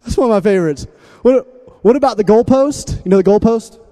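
A man preaching a lively, humorous sermon as pastor, energetic and jokey, swinging from loud calls to hushed asides. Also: sits high, brisk.

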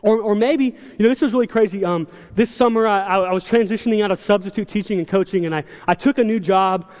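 A young man preaching a sermon in a church, telling stories with quick, animated asides. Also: high voice. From South Carolina. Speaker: church speaker. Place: large church hall. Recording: long hall reverb.

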